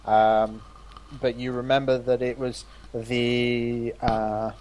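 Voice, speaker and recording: A man runs a tabletop game as game master, speaking at a middling pitch. He narrates in a halting way, with many pauses and restarts. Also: little pitch movement, a little mellow.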